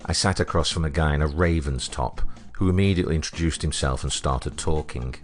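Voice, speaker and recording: A man with a British accent narrating a comic story in a deadpan, wry way. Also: a bass voice, brisk, soft background music.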